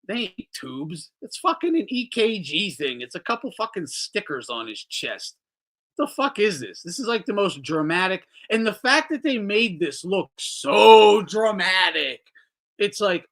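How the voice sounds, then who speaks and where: Animated, profane man hosting a boxing talk show. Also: sits high, a little slow. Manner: animated, swearing, mocking, reading chat aloud. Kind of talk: casual profane livestream commentary.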